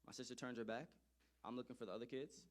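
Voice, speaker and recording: A man telling a personal story to an audience in an animated, emphatic way, often repeating phrases for effect. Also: medium pitch, fast.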